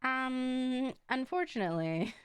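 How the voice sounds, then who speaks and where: Lively, chatty young woman streamer. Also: sits high, takes it slowly, a little hiss or hum. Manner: chatty and animated, laughs often. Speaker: streamer and card game caster. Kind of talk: casual chat while playing a card game.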